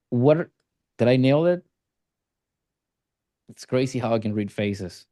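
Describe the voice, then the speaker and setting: A man's voice: medium pitch, mellow. A man leading a group coaching call as a sales coach, talking bluntly with teasing and swearing.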